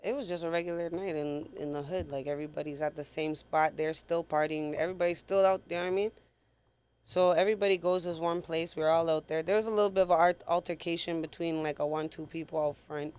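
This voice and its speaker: A woman's voice: deep voice, fast talker, clean tone. Blunt, profane woman telling her story. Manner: blunt, profane, animated retelling. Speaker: guest. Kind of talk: casual storytelling interview.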